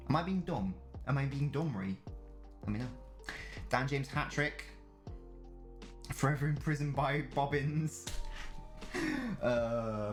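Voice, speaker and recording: Chatty young man streaming. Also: mid-range voice. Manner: chatty, jokey, reads chat aloud. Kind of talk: casual live-stream chat.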